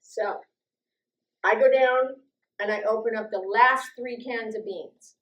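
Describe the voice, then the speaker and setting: A middle-aged woman telling a personal story, lively and acting out the voices of the people in it. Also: echoey room, highs cut off. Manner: lively, acts out quoted voices with big jumps in pitch and loudness. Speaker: storytelling guest speaker.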